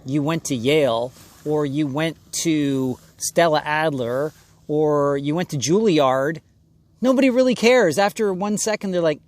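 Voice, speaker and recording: A man's voice: fairly high pitch, measured pace, darkish tone, no room sound. A man coaching actors in an emphatic, conversational way, often acting out brief voices of casting people. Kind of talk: direct-to-camera acting advice.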